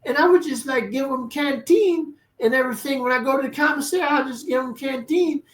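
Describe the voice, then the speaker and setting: A man imitating a timid, naive young male inmate in a high, whiny voice. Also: brisk, fairly bright tone. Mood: naive pleading. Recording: roomy and distant from the mic.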